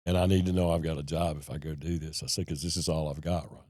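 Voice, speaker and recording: A middle-aged man talks in a deep, mellow voice. He tells his story in a folksy, animated way and acts out the people in it. The sound is dry and close. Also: fast talker, no room sound. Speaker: podcast guest telling his recovery story. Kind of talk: casual storytelling conversation.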